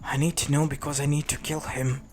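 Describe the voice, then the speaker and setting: Brooding young ninja rival, voiced by a man, hushed, shaken. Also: on the high side, level tone, fairly quick, close to an everyday voice.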